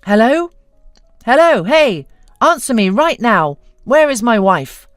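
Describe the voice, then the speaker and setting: A woman voicing a furious husband shouting into a phone. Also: a little high, very animated, slow pace, no room sound, clean studio sound, faint music behind, pitched above the performer's own voice.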